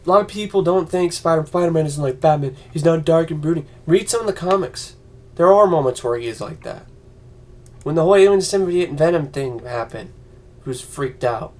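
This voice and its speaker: A man's voice: fairly high pitch, fairly quick, a little mellow. A man ranting on a vlog, profane and heated, slipping into mocking voices. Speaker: vlogger.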